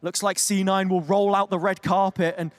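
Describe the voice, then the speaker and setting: High-voiced man calling esports play-by-play. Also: no echo, soft background music. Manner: fast, rising excitement on big plays. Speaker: esports caster. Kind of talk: play-by-play commentary.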